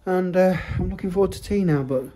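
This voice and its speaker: A man's voice: high-pitched, a little fast, mellow, slight background noise. A man vlogging chattily at home on a handheld phone, joking and rambling. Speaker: family vlogger. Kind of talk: casual chat to camera. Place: family home, kitchen.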